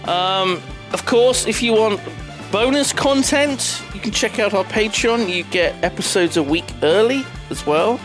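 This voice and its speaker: A podcast co-host in casual chat, plugging extras in a hesitant way with pauses. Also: medium pitch, over music.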